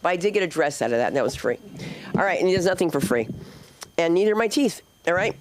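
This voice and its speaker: A woman's voice: on the low side, expressive, quick pace, darkish tone, slight background noise. A woman from New Jersey hosting a comedy club open mic, talking to the crowd in a brash, rambling, jokey way. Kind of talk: live stand-up hosting, chatting with the crowd.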